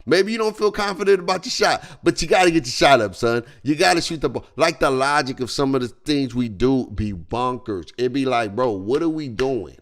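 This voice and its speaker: A man's voice: medium pitch, a little fast, few pauses. A man streaming, ranting in a loose, slangy way and laughing as he goes. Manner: animated, slangy, laughing as he rants. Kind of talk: reaction stream rant.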